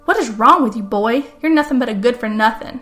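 A harsh old grandfather from a spoken murder tale, stern and quick to anger, as a woman storyteller puts him on. He scolds in a fairly high voice, with soft music under the words. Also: lively intonation. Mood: scolding.

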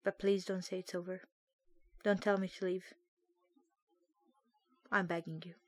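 A woman reading a heartbroken lover, softly begging. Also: on the low side, flat delivery, unhurried, no echo, faint music behind. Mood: pleading, heartbroken. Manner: soft, subdued pleading. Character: heartbroken young lover pleading not to be left. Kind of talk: dramatic reading of a comic monologue.

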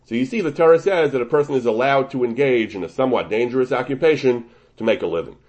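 A man's voice: mid-range voice, quick pace, a little mellow. A man teaching a Talmudic-style lecture, walking through a source step by step and often restarting his sentences. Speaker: Torah teacher. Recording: dull lo-fi recording.

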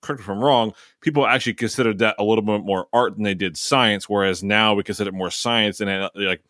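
Low-voiced man, dry close mic, hesitant panel talk. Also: a bit bright, no room sound. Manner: hesitant, searching for words. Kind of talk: casual panel discussion.

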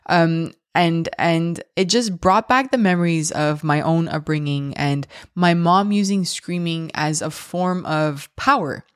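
A woman's voice: on the low side, measured pace, hardly any pauses, clear, resonant tone, no room sound, clean studio sound. A woman in her thirties hosting a podcast, speaking candidly and reflectively with frequent ums and restarts. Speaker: podcast host.

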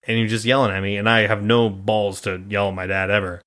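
A fast-talking young podcast host from Nebraska, his lowish voice fairly bright and mostly flat in pitch, trades family stories in a casual chat. He curses freely and slips into quoted voices as he tells them.

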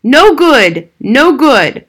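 A woman reading aloud voices a weary, hot-tempered immigrant father who shouts in broken English. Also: fairly high pitch, animated, moderate pace, voice pushed up, close to an everyday voice. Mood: furious.

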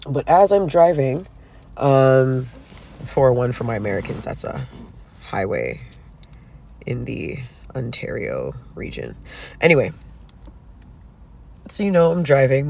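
A man delivers a casual vlog rant with plenty of profanity, switching between low asides and loud bursts. His pitch sits in a middle range, and he mocks himself as he goes. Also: creaky, a little hiss or hum. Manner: profane, animated, self-mocking rant. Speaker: vlogger. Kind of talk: casual ranting monologue.

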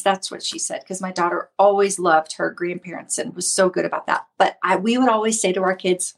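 A woman's voice: fairly low pitch, fairly even intonation, a little fast, creaky, few pauses. A middle-aged woman hosting a casual Christian livestream, teaching in a conversational way and greeting viewers by name. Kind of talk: casual devotional talk.

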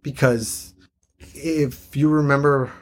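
A man's voice: steady tone, takes it slowly. A man co-hosting a casual chat, reading comic panels aloud and often laughing. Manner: laughs often, acts out lines with shifts of pitch. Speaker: podcast co-host.

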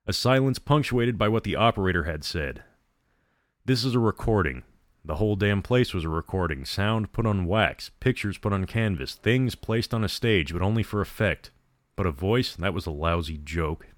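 A man narrating a story in a measured, dramatic reading. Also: sits low, lively intonation, no echo, studio quality.

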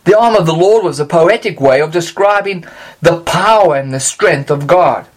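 A Bible teacher explaining scripture in a measured way, slowing down on key words for emphasis. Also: mid-range voice, expressive.

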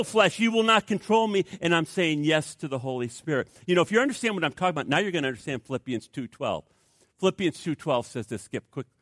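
A man preaching a sermon as pastor, animated, acting out inner voices for his congregation. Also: fairly high pitch, no room sound, studio quality. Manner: animated, acts out voices of flesh and Spirit.

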